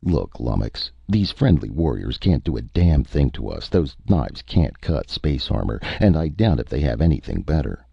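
A wry, hard-bitten male space explorer, as a man reads him, blunt and dryly sarcastic. The voice is very deep and gravelly, with lively swings in pitch. The sound is dull and lo-fi. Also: normal speed, few pauses, no room sound, full character voice.

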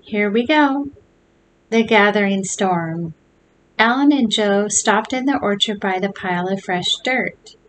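A woman reading a children's chapter book aloud in an expressive storytelling manner. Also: medium pitch, measured pace, slight background noise, poor audio.

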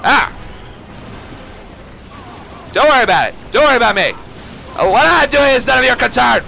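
A man giving let's play commentary on a shooter game, excitable, swearing and yelling at enemies. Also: very high-pitched, moderate pace, vocal fry, faint music behind. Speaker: gaming YouTuber.

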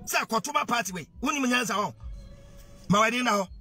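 A man's voice: very high-pitched, animated, fast, pushed and bright, soft background music. A man with a Ghanaian accent delivering an impassioned monologue to camera. He preaches, repeats himself and fires off rhetorical questions, switching freely between Twi, English and pidgin. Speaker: social media commentator.

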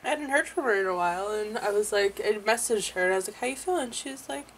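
A woman's voice: medium pitch, fast talker, a little hiss or hum, rough recording. A young woman vlogging casually at home with her partner, chatty and prone to giggling. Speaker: family vlogger. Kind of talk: casual chat.

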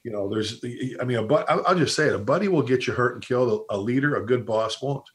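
A middle-aged man talks fast in a loose, casual chat. He tells firehouse stories with a lot of energy and keeps restarting his sentences as the thoughts pile up. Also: medium pitch. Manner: rapid, animated storyteller who restarts sentences and quotes old bosses. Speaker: podcast host and fire service instructor.

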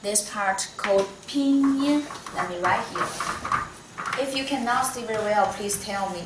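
A woman teaching Mandarin in non-native English with a Chinese accent, patient and slow, with many soft "mm"s. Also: mid-range voice, noisy background. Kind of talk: one-on-one online lesson. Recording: echoey room, voice from a distance.

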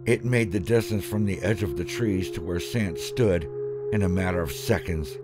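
A man narrating a first-person horror story, halting and breaking off mid-sentence. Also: low-pitched. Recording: background music under voice.

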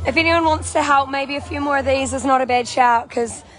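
Hoarse, bubbly New Zealand woman. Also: high-pitched, fairly quick, a bit bright, slight background noise. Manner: bubbly, chatty, laughs often. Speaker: vlogger. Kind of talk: casual walking vlog. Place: outdoor protest camp. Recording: crowd chanting and music behind.

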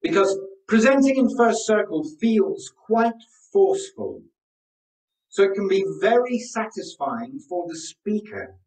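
A man's voice: sits high, darkish tone. A man teaching a live online workshop as a presentation coach, coaching and often asking the audience questions. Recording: roomy sound, distant from the mic.

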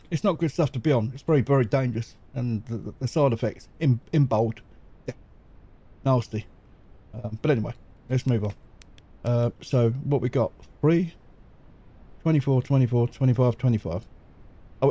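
A man's voice: mid-range voice, moderate pace, dark tone, slightly rough. A middle-aged man chatting through gameplay commentary, giggly and rambling. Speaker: gaming YouTuber.

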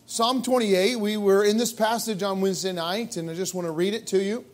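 A man's voice: high voice, fairly even intonation, a little fast. A male pastor preaching a sermon in a church, emphatic and full of rhetorical questions. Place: church sanctuary.

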